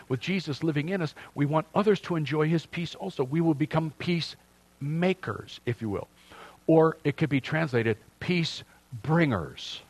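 A man in his sixties preaching a sermon in a chatty, lively way, dropping to soft asides and rising to loud emphasis. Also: fairly high pitch. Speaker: pastor.

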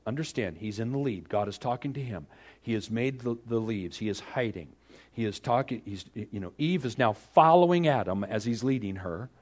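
A man preaching a sermon, asking the congregation rhetorical questions and swinging from hushed to loud. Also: mid-range voice. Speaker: pastor.

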